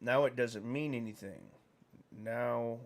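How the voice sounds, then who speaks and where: A man's voice: medium pitch, takes it slowly. A man hosting a livestream, telling a meandering anecdote in casual chat. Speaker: livestream host.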